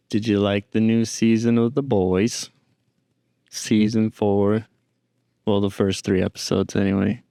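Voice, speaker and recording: A man with a fairly low, gravelly, warm voice hosts a podcast with no echo. He chats casually alone, rambling dryly and talking to his pet.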